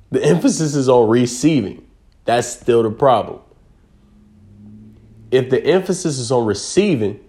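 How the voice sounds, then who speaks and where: A man with a dark, mellow voice delivers a spiritual talk. He repeats his key words for emphasis and keeps checking in with the listener. His delivery is earnest and insistent. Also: mid-range voice.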